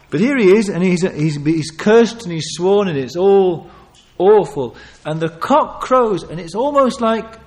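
Male preacher, fairly high and very animated delivery, earnest, dramatic swings between forceful and hushed. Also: slow. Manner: dramatic, swings from loud emphasis to hushed near-whisper; earnest and pleading. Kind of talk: sermon.

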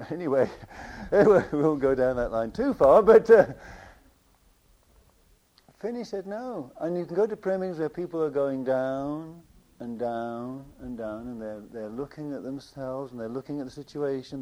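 A man preaching a sermon with passion, repeating phrases and swinging between loud declarations and quiet asides. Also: mid-range voice.

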